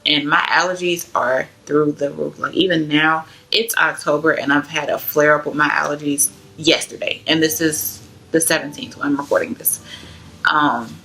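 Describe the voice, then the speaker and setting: A woman's voice: deep voice, steady tone, moderate pace, pushed and bright. A young woman from Georgia, telling her personal testimony in a chatty, loose way full of fillers. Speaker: vlogger sharing her testimony. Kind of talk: casual personal storytelling.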